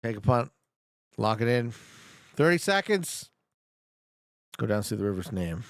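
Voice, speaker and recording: Animated gravelly-voiced man streaming a game. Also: medium pitch, normal speed, dry recording, studio quality. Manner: joking, talks back to his chat. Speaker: streamer playing a geography guessing game. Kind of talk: casual live gameplay commentary.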